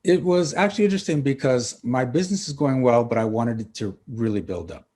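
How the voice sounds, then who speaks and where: A middle-aged man, a coach and author, guesting on a podcast and telling lively stories, acting out the dialogue. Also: medium pitch, a little fast. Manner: animated storyteller acting out dialogue. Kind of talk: casual interview storytelling.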